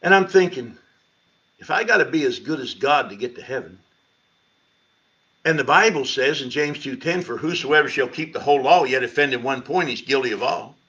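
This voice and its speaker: A middle-aged man, a pastor, telling his conversion story at a church Bible study, with lively storytelling that climbs high when he quotes himself. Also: moderate pace. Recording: lo-fi livestream sound.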